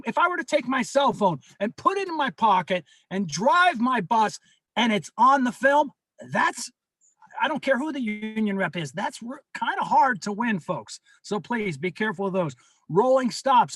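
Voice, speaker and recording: Earnest high-voiced union rep pleading. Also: male voice, fairly bright tone, no echo. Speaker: union representative. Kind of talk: addressing a union meeting. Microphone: video call.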